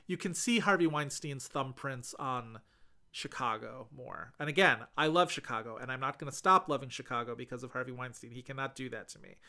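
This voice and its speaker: A man co-hosting a casual film podcast, animated and enthusiastic. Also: medium pitch, fairly quick. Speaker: podcast co-host.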